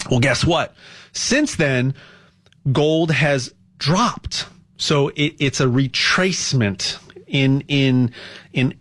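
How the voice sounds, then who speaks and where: A man hosting a casual talk, rambling with repeated words and growing animated as he goes. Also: medium pitch. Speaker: host.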